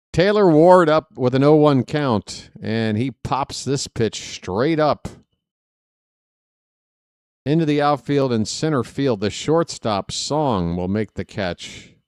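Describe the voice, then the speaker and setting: A man doing live play-by-play of a baseball game for viewers, chatty and joking with the chat between pitches. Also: a little mellow, clear, resonant tone, dry recording, clean studio sound. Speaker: fan play-by-play announcer.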